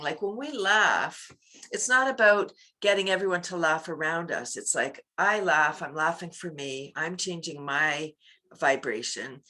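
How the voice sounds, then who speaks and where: A woman who teaches laughter yoga, chatting on a video call, laughing often and leading loud ho-ho-ha-ha chants. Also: fairly low pitch. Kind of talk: casual interview chat.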